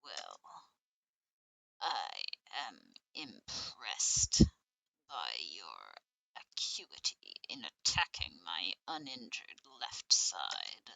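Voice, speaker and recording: A woman voicing a scheming male partridge doctor in a low, drawn-out voice. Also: huge pitch swings, gravelly, bright, forceful tone, no room sound, exaggerated voice, rough recording. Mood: smug.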